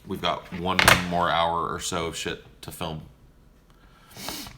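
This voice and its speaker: A man's voice: deep voice, level tone, moderate pace, heavy background noise. A young man casually answering viewer questions on a livestream in a profane, joking, laid-back way.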